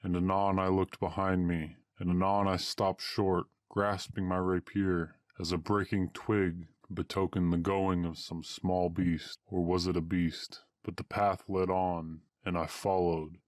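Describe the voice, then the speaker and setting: A man narrating a first-person adventure story aloud in old-fashioned, archaic wording, at a steady storytelling pace. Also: deep voice, a little slow, hardly any pauses, no echo, clean studio sound.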